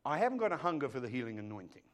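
A man preaching a sermon in church as the pastor, emphatic, dropping to a hush and rising to loud, speaking straight to his congregation. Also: medium pitch, big pitch swings, racing. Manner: emphatic, swinging between hushed and loud; addresses the congregation directly.

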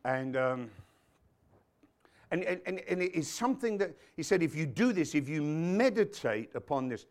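A man delivers a sermon in a voice pitched a little high, swooping widely up and down as he preaches. He quotes scripture, tosses in muttered asides and jokes with the congregation. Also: sing-song, normal speed. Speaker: pastor.

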